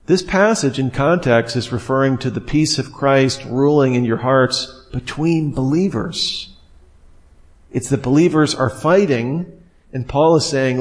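A man teaching in a casual, conversational way, sometimes acting out what people might say. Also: fairly high pitch. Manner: conversational, animated, acts out quoted speech. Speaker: Bible teacher. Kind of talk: informal teaching talk.

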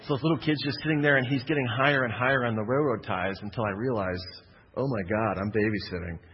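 A man's voice: mid-range voice, quick pace, breathy edge, in a large hall, dull audio. A man preaching a sermon, telling a personal story in a conversational way with jokey asides.

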